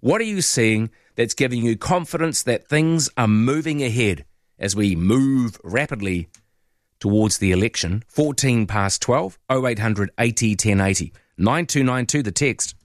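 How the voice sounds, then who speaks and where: A man's voice: mid-range voice, lively intonation, measured pace, no echo, clean studio sound. A man with a New Zealand accent hosting overnight talk radio, chatting in a rambling way and inviting listeners to call. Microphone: studio microphone.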